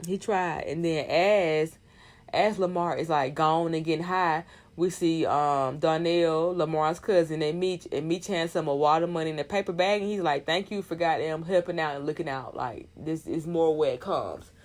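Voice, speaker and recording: A woman casually recapping a TV episode, animated and profane, acting out characters' lines as she goes. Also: sits low, moderate pace. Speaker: recap vlogger.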